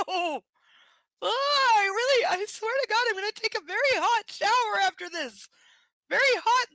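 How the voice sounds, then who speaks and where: A woman reading a book aloud live from home at night and breaking off into animated, exclaiming commentary with casual swearing. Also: sits high, no echo.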